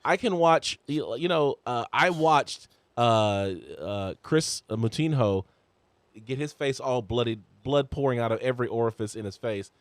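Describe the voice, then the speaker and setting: A man co-hosting a sports podcast in casual chat, stumbling over restarts and letting his voice jump high when excited. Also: measured pace, no echo. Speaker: podcast co-host.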